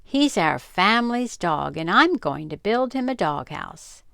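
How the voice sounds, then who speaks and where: An older woman reading the part of an eager young boy who talks in a bright, pleading way. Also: fairly low pitch, very animated, unhurried, gravelly, no echo, studio quality, full character voice.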